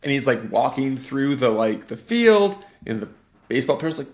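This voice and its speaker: A man hosting a podcast, casually and excitedly retelling a film with lots of "like" fillers. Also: mid-range voice, normal speed. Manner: rambling, animated movie retelling full of "like". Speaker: podcast host.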